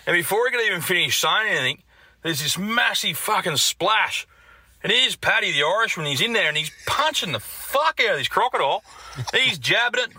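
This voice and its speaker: A man with an Australian accent tells a crude yarn in a voice message and builds steadily toward the punchline. His voice is very bright and sits a little high, and the recording is dry and close. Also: no room sound. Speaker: caller telling a joke. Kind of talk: voice message joke telling.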